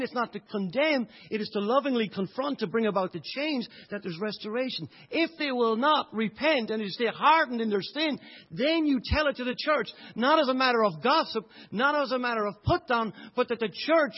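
A middle-aged Irish man preaching a sermon with passion, swinging between loud outbursts and hushed moments. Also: very high-pitched. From Ireland. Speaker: pastor. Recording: dull lo-fi recording.

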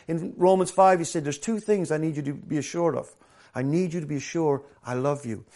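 A man preaching a sermon. He drops to hushed, slow scripture reading and then builds to loud, lively storytelling. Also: fairly high pitch. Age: adult, former professional soccer player.

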